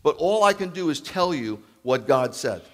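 Animated male preacher in echoing hall. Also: fairly high pitch, normal speed. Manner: animated, acts out calls and shouts, then drops to near-whisper. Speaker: rabbi preaching. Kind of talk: sermon. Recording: long hall reverb.

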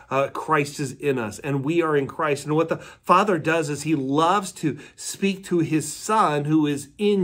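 A man, a pastor, giving a midweek devotional sermon in a conversational storytelling way and asking his listeners questions. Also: on the high side.

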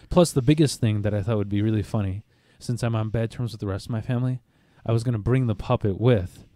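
A man hosting a podcast in casual chat, rambling and halting with many restarts. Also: on the low side, dark tone, dry recording, clean studio sound. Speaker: podcast host.

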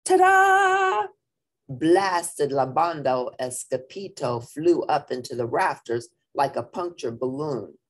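A woman reading a children's picture book aloud in an expressive, playful way. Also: very deep voice, a little slow, hardly any pauses. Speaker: storybook reader.

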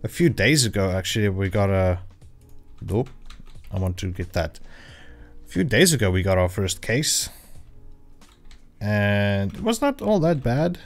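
A man with a fairly low voice talks casually through a game livestream. He rambles, loses his thread, and corrects himself often. Faint background music plays under his voice. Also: big pitch swings, unhurried, long pauses. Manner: rambling, chatty, with frequent fillers and self-corrections. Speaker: livestreaming gamer. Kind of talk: casual gameplay livestream chat. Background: royalty-free background music.

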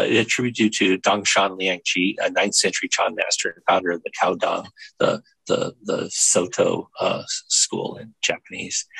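An older man, a Zen teacher and minister, giving a measured, contemplative spiritual reading with frequent fillers. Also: low voice, vocal fry, pushed and bright, slightly rough, no room sound, rough recording.

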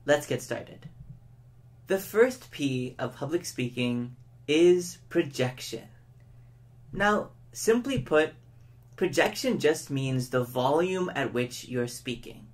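A man giving a public speaking lesson, who shows each point by speeding up, slowing down and shifting his tone of voice. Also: a little high, animated. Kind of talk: educational lesson to camera.

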